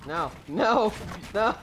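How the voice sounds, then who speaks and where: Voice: medium pitch, fairly bright tone, slight background noise. A gamer chatting casually with a partner during play, joking around and breaking into laughter and sudden squeals. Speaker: gamer playing with a duo partner. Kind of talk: casual let's-play chat.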